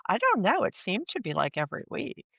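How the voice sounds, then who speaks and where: A woman co-hosting a podcast, chatty and animated, laughing easily. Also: medium pitch, a little fast, gravelly, slightly rough, dry recording. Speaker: podcast co-host. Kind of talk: casual chat. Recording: dull, dry, slightly lo-fi.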